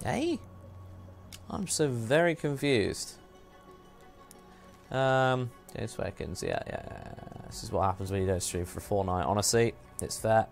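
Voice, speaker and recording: A man's voice: low-pitched, expressive, moderate pace, vocal fry, hardly any pauses, faint music behind. A man hosting a live game stream, rambling through a story with frequent laughs and self-deprecating asides. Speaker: streamer host. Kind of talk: casual live-stream chat while gaming.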